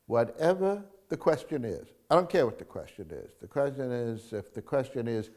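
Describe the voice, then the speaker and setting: A male screenwriter in an interview, talking in an animated storytelling way, acting out film scenes and swinging from hushed to loud. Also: mid-range voice, normal speed. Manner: acts out film scenes, mimics crowds, shifts from hushed to loud.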